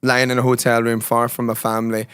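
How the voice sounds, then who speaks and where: A man speaks as a musician guest, mid-pitched and earnest. He talks with heartfelt, preacher-like conviction. The sound is dry and close to the mic. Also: completely flat delivery, quick pace, fairly bright tone, smooth, dry recording. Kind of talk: casual conversational interview.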